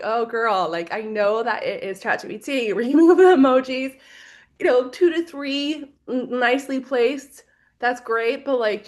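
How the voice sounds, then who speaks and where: This is a woman presenting a social media training on a video call. She talks in a loose, conversational way, with filler words and an easy pace. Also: mid-range voice. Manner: casual and chatty, lots of "like".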